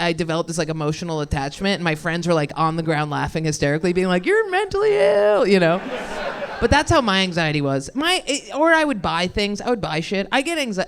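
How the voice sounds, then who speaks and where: Young female stand-up, loose self-deprecating rambler, crude, mid-pitched voice, handheld mic. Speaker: stand-up comedian. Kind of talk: improvised stand-up set. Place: comedy club stage with live audience.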